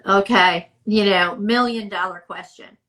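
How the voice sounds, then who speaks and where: A middle-aged woman speech therapist giving measured, emphatic explanations in a podcast interview. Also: mid-range voice, a bit bright, poor audio.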